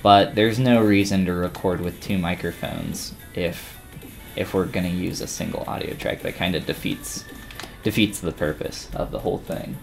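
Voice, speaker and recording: A man casually chatting with viewers while he demonstrates 3D sculpting in a live-stream tutorial, relaxed and rambling with frequent restarts. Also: low-pitched, normal speed, gravelly, faint music behind.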